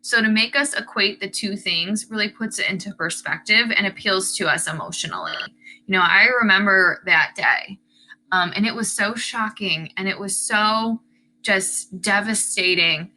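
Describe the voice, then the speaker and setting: A woman's voice: medium pitch, moderate pace, bright, forceful tone, rough recording. A woman teacher explaining the tone and word choice of an essay, reading passages aloud and commenting on them. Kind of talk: lesson analyzing an essay's tone.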